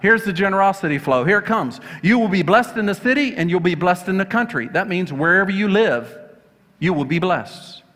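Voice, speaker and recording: A man's voice: high voice, animated, brisk, fairly bright tone. A man preaching a sermon, retelling scripture with rhetorical questions and frequent fillers. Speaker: pastor. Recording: long reverb of a hall.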